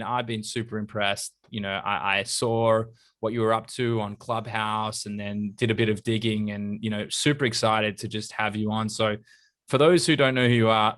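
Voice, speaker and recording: A man with an Australian accent softened by years in the US and UK, hosting an interview podcast in a friendly, casual way and calling his guest mate. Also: on the low side. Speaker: podcast host.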